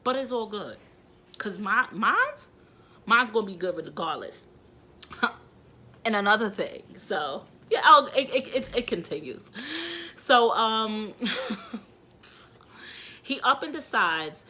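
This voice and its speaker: A young woman speaks to her camera in an unscripted vlog with a bright, forceful voice. She rambles and gets emotional, dropping to hushed asides before bursting out loudly. Faint noise sits under her speech. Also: mid-range voice, very animated, measured pace. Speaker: vlogger and mother. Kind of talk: candid talking-to-camera vlog.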